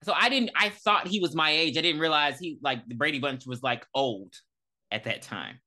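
A woman co-hosting a casual movie review podcast, retelling scenes with animated energy and frequent swearing. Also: low-pitched, normal speed. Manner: animated retelling, acts out characters, profane. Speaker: podcast co-host.

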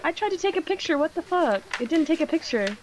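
A young woman in casual gaming chat with friends, giggly and teasing, talking in a drawn-out way. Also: extremely high pitch, sing-song, slight background noise. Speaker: gamer playing a ghost-hunting game with friends.

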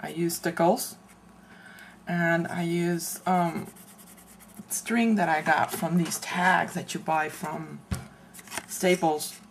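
A woman casually showing her handmade craft album, chatty and meandering, often pausing mid-sentence to search for words. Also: lowish voice, steady tone, gravelly, slight background noise. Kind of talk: casual show-and-tell craft video.

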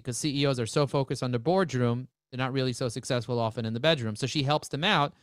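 Man, webinar presenter, energetic, joking sales patter, dry close sound. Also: medium pitch, clear, resonant tone, no room sound.

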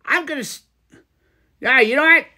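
Woman streamer, high and bright, unhurried, reacts to chat with exasperation. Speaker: live-stream host. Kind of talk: casual live-stream chat.

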